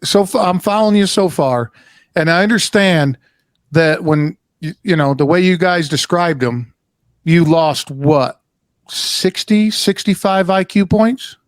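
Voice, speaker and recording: A man hosts a podcast, his slightly high voice recorded dry and close. He teases his guests and cuts in with wry questions. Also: measured pace, no room sound. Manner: teasing, interjects with wry questions. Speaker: podcast host. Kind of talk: casual interview chat.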